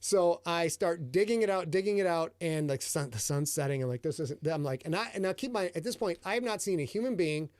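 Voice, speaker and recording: A man hosting a live show, telling a profane, animated story about himself. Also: on the high side, brisk, hardly any pauses, dry recording. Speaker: host, author.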